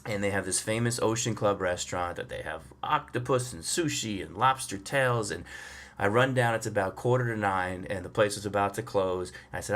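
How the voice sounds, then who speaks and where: A man, a stand-up comedian, telling a chatty, unhurried story with frequent fillers and small laughs. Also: on the low side, a bit bright. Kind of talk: storytelling monologue.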